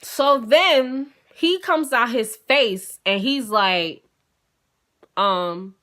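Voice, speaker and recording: A young woman telling a personal story in a casual, profane, animated way, acting out both sides of a dialogue. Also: fairly high pitch, drawn-out words.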